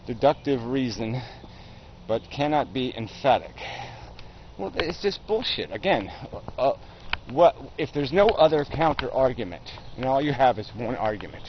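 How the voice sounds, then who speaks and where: A man's voice: medium pitch, lo-fi sound, slight background noise. A man giving a blunt, profane opinion rant in a casual video blog, with many ums and uhs. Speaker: video blogger.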